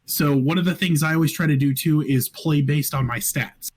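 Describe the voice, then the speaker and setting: Male guest, fairly high voice, relaxed and hesitant, voice call. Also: moderate pace. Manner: relaxed, hesitant, many fillers. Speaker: podcast guest. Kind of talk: casual chat.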